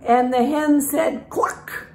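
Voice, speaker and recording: Slow, patient older woman reading to children. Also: fairly low pitch, animated, a little mellow, echoey room. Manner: slow, patient storybook reading with animal sounds. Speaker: reading teacher. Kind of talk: children's phonics lesson and read-aloud.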